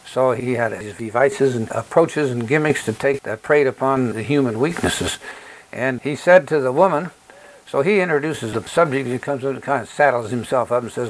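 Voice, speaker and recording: An earnest man delivering a sermon, working through scripture passage by passage. He talks at a measured, deliberate pace and leans on the words he wants to drive home. His voice sits in an ordinary middle register. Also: medium pitch, rough recording. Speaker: preacher.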